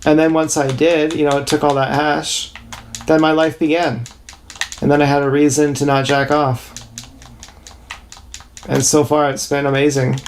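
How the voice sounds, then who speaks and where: A man with a level tone and a voice on the high side rambles through a confessional livestream monologue, halting and restarting often. He's recorded on an action camera, with faint noise in the background.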